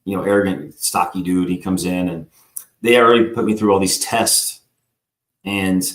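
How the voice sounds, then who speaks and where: A man with a fairly low voice tells his personal story as a guest on a live talk show. He rambles, acts out the people in the story and keeps addressing the host. The recording has a roomy echo. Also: fairly even intonation, normal speed, fairly bright tone.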